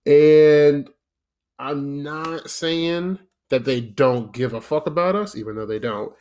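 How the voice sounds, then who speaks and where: A man's voice: medium pitch, a little slow. Exasperated man ranting. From United States. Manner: exasperated, profane, rambling. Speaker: podcast host. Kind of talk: ranting solo podcast monologue.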